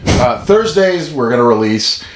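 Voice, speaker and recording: A man's voice: mid-range voice, lively intonation, a little slow. A middle-aged man co-hosting a podcast in casual chat, jokey and teasing, fond of doing silly voices. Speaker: podcast co-host.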